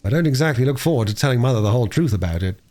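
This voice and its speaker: A man's voice: medium pitch, expressive, very fast, darkish tone, close to an everyday voice. A man reading aloud voices a plain-spoken boy, reluctant and matter-of-fact. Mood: grudging.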